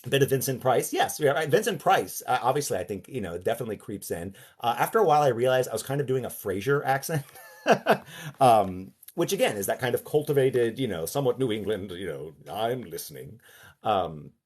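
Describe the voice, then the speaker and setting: A man giving a casual lecture, halting and animated, slipping into character voices. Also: medium pitch, breathy edge.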